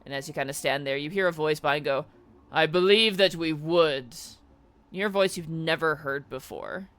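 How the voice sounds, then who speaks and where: Bright-voiced man running a tabletop game. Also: on the high side, fast. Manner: animated storyteller, voices the lords. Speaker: dungeon master.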